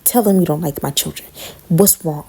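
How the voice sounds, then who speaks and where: A pushy middle-aged aunt who hammers at the same question again and again, as a woman storyteller quotes her. The voice sits low and gravelly, with a husky, dark edge. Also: normal speed, exaggerated voice. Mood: badgering. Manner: badgering, repeats demands.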